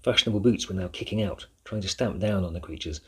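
A man narrating a children's fantasy book with a steady storytelling manner. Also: low voice, fast, husky. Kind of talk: audiobook narration.

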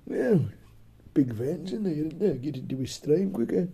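A man's voice: fairly high pitch, animated, moderate pace, gravelly, warm tone, breathy edge. A man acting as a blunt comic sidekick, swearing freely and answering with dry one-liners. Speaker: co-host and sidekick. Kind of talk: profane comedic banter.

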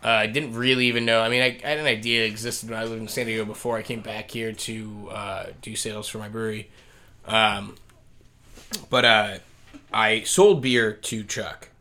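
A young man with a bright, forceful tone talks in a loose, casual way. He swears freely and reacts quickly to his guest. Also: lowish voice, flat delivery. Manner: laid-back, profane, quick reactions. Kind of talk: casual chat.

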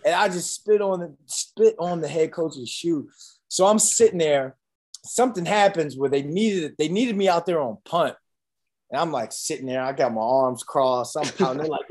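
A man's voice: on the high side, moderate pace. A man in his thirties, a former college football player, telling stories in a casual interview, acting out quotes with lots of fillers. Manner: animated storyteller, acts out quotes, many fillers.

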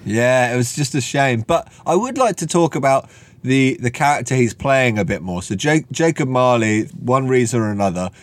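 A man co-hosting a podcast, a bit tired, chatting casually about a film with quick asides. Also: medium pitch, lively intonation. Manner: laid-back, quick asides, laughs often. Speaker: podcast co-host. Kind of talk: casual film review chat.

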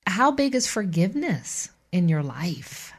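A woman's voice: fairly low pitch, big pitch swings, a little slow, slightly rough. Encouraging woman hosting a radio interview. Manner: warm, affirming, encouraging. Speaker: radio show host. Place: radio studio.

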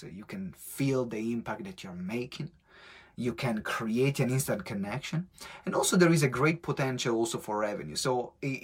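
Husky Italian-accented man, energetic coach. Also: medium pitch. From Italy. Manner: energetic, animated storytelling with acted-out quotes. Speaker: business coach hosting a live stream. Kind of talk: motivational live-stream talk.

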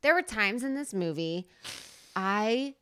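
A woman's voice: medium pitch, lively intonation, slow, a bit bright, clean tone. A woman from New Jersey with a slight Jersey accent, co-hosting a podcast in playful casual chat, laughing and swearing. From New Jersey, USA. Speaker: podcast co-host.

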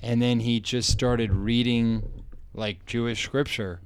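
A man's voice: medium pitch, fairly even intonation, slow, a little hiss or hum. A young adult man, a comedy podcast co-host, telling a rambling story in casual chat and acting out the lines of the people in it. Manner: rambling, laughing, acts out quoted lines.

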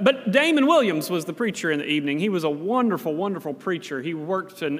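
High-voiced pastor in echoing church. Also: male voice, fairly bright tone. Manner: conversational, folksy storytelling with occasional restarts. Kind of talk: sermon. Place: church sanctuary. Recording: long reverb of a church hall.

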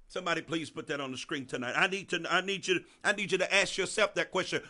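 Animated high-voiced male preacher. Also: quick pace, hardly any pauses. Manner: repeats phrases for emphasis, calls on congregants by name; swings between soft and loud. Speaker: preacher teaching a congregation. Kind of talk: sermon.

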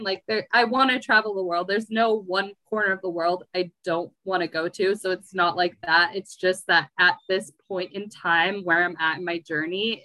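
A woman's voice: on the low side, bright, forceful tone, no room sound, low-quality recording. A woman from the United States in a casual interview, talking in a rambling, chatty way with lots of "like". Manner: chatty, rambling, heavy use of "like". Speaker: guest.

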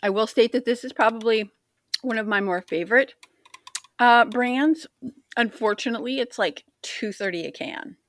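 A woman's voice: on the high side, normal speed, no echo. A woman co-hosting a podcast in casual chat, rambling and self-deprecating. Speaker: podcast co-host.

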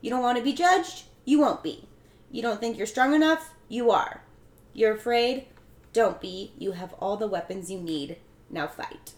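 A woman's voice: on the high side, measured pace, close to an everyday voice. A woman voicing a stern older female dance instructor with a put-on Russian accent, in a roomy recording. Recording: roomy echo.

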